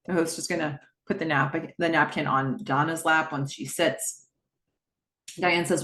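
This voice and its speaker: A woman's voice: deep voice, steady tone, normal speed, fairly bright tone, roomy sound. A woman hosting a podcast, casually recapping a TV episode scene by scene in the present tense, with frequent "um"s. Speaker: podcast host.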